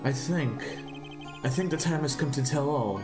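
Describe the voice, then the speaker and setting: A man voicing a haunted young male prosecutor in a game, reading slowly and somberly. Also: fairly high pitch, animated, lightly acted. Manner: slow, somber confessional reading. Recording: roomy, with game music behind.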